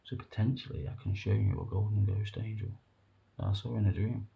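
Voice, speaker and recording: A man talking to camera in an emotional, rambling monologue, halting and earnest, breaking off and restarting. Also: lowish voice, level tone, vocal fry, lo-fi sound. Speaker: vlogger.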